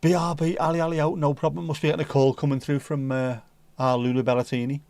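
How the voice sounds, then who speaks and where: A man's voice: a little high, flat delivery, fast talker, a little mellow, no room sound. Jokey man hosting a chatty livestream. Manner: jokey, rambling, playful. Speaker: livestream host. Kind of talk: casual chat reading viewer comments.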